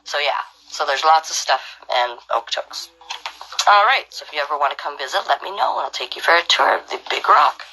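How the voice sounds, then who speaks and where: A woman's voice: sits low, expressive, a little fast, vocal fry, bright, forceful tone, slight background noise, low-quality recording. A woman hosting a storytime, reading a picture book aloud and adding chatty, friendly asides. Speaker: storytime host.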